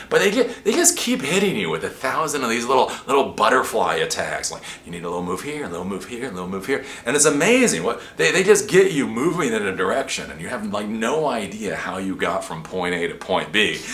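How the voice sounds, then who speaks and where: Animated, rambling male show host. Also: fairly low pitch, reverberant. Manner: rambling, animated, with frequent laughs and restarts. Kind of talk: casual chat answering a viewer question.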